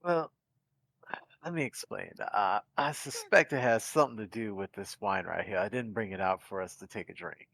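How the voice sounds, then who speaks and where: A man's voice: lowish voice, moderate pace, creaky, fairly bright tone, dry recording. A man playing a tabletop game, laid-back and explaining his character's actions. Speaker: player. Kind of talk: casual tabletop play.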